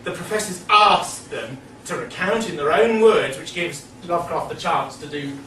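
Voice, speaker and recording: A man's voice: a little high, lively intonation, normal speed, bright, forceful tone. A man giving a public lecture, rambling and digressive with many fillers. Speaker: speaker. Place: meeting hall. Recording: echoey hall, distant mic, noisy.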